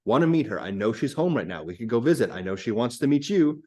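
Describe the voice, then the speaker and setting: A confident, teasing local woman who tells a strange story as if it were plain fact, read aloud by a man. Her delivery is even and unbothered. It is a plain reading of a play script. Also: medium pitch, fast. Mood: matter-of-fact. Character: confident local woman telling a wild tale.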